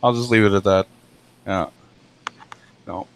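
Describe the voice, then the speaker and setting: A man's voice: on the low side, steady tone, measured pace, slight background noise. A man hosting a live stream who chats casually, jokes and swears freely on a home computer mic. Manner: loose, jokey, swears freely. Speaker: stream host. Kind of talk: casual chat.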